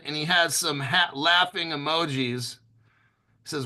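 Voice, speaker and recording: Man, livestream host, casual rambling chat, slightly high voice, very bright tone. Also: a little slow. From United States. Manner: rambling, jokey, reads viewer questions aloud.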